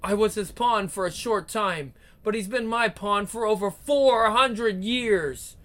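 A woman voicing a cruel, seductive vampire queen in a comic book read-aloud, with slow, taunting, theatrical delivery and growls. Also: medium pitch, fairly bright tone, close to an everyday voice. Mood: gloating.

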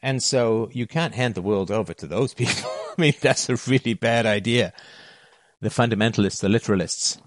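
A middle-aged man speaks in a lowish voice, delivering an emphatic monologue to his listeners. He drives points home by repeating key phrases. The sound is close and dry. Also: normal speed, no echo. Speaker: philosophy talk host.

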